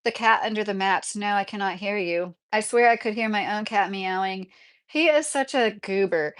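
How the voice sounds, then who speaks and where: A woman's voice: mid-range voice, moderate pace, fairly bright tone, clean tone. A woman live streaming from home, chatting casually, reading out chat messages and laughing often. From Kentucky, USA.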